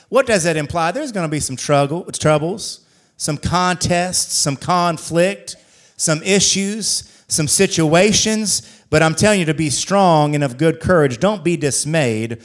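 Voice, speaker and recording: In this sermon, a male pastor reads scripture with a measured cadence, leaning on repeated rhetorical questions to make his points land. His pitch is toward the high end.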